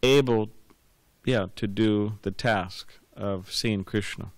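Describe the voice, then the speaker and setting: A man's voice: lowish voice, steady tone, slow, no echo. A man giving a scripture class, rambling and repeating words with many fillers, telling anecdotes. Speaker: class speaker.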